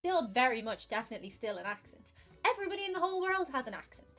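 Irish woman YouTuber, expressive scripted vlog, high voice. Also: rapid-fire, soft background music. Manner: expressive, uses slang.

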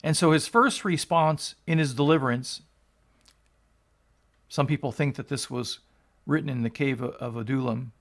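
A man's voice: mid-range voice, moderate pace, gravelly, long pauses, a bit bright. A male pastor reading scripture aloud and explaining it, in an earnest teaching tone that rises for emphasis. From United States.

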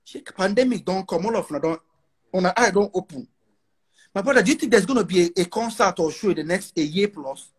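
A man's voice: high-pitched, animated, fairly quick, slightly rough. A brash, defiant man with a Nigerian accent, talking boastfully in an interview and repeating phrases for emphasis. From northern Nigeria.

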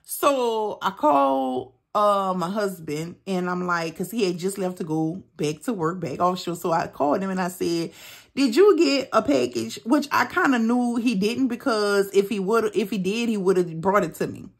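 A woman recounts a personal story to her vlog audience in loose, casual chat. She is emphatic and animated, leaning hard on key words and dropping mild swears as she goes. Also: medium pitch, moderate pace, hardly any pauses. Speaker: budgeting channel host.

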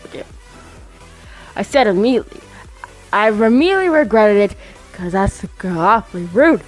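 A woman's voice: mid-range voice, big pitch swings, normal speed, faint music behind. A woman casually reading fan fiction aloud into a microphone, giggling, stumbling over words and adding chatty asides. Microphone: desk microphone.

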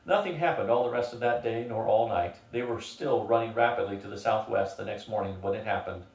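An older man reading a novel aloud as a steady storyteller. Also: on the low side, a little fast. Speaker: reader. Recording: roomy, from a distance.

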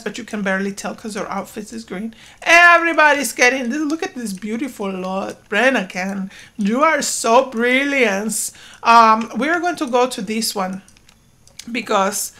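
Excitable woman narrating a sim game. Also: on the high side. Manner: excitable, talks to her game characters, sudden loud outbursts. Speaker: gaming YouTuber. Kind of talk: casual let's-play commentary.

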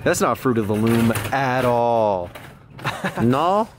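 A young man vlogging as he hunts for vintage clothes, joking around, reacting to finds with sudden excited exclamations. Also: mid-range voice, takes it slowly, loud music behind the voice. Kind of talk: casual running commentary while thrifting.

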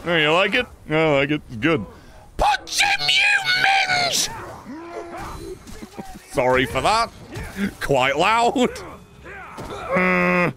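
A man streaming a game, giving excitable live commentary, swearing, laughing and yelling at the screen. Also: fairly high pitch. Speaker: gaming streamer.

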